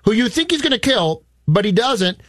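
A man's voice: extremely high pitch, big pitch swings, moderate pace, a bit bright, no room sound, studio quality. A man cohosting a casual movie review chat, explaining his points in rambling runs with restarts. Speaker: podcast cohost.

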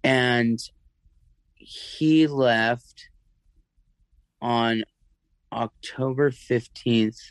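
A man recounting a personal story as an interview guest, halting and emotional, with many restarts and fillers. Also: mid-range voice, steady tone, clear, resonant tone, no room sound, low-quality recording.

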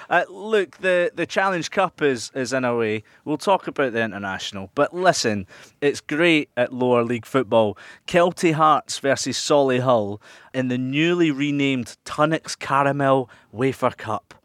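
A man's voice: mid-range voice, lively intonation, unhurried, a bit bright, no room sound, studio quality. A man hosting a podcast, jokey and upbeat in casual chat. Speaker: podcast host.

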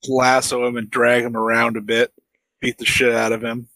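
Bright, dry-sounding male podcast co-host. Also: medium pitch, monotone, no echo, low-quality recording. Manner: profane, laughing, quick pop-culture comparisons. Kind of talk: casual film discussion.

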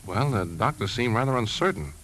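A low, troubled uncle. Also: male voice, very animated, brisk, fairly bright tone, slight background noise, low-quality recording. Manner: hesitant, troubled. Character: worried grown man, family uncle.

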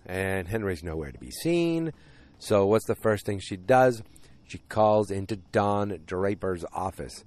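A man casually recapping a TV episode with a deep voice and rambling, jokey asides. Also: animated, a little slow, a little mellow.

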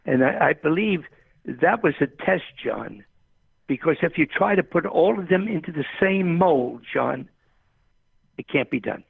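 A man's voice: on the high side, lively intonation, unhurried, no echo. An older man, a tennis coach, telling rambling stories in a phone interview, often saying the host's name. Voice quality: gravelly, husky. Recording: tinny phone line.

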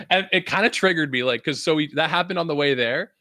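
A man's voice: a little high, a little fast, sharp tone, no echo. A young man from Vancouver hosting a podcast, ranting in a casual, profane, rambling way and laughing often. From Vancouver, Canada. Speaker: podcast host.

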